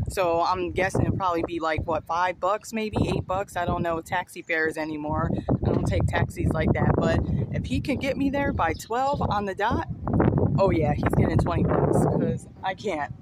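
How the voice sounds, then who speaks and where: A woman vlogger talking straight to her viewers, chatty and rambling, recorded outdoors on a phone. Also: fairly low pitch. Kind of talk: casual vlog talk to camera. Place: outdoors by a street and train station. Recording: outdoor street noise and passing vehicles.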